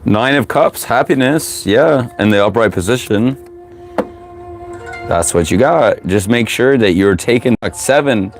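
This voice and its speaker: A man giving a live tarot reading to viewers, profane and preachy, with sudden loud whoops. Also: mid-range voice, expressive, a little slow, soft background music. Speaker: tarot reader, live streamer.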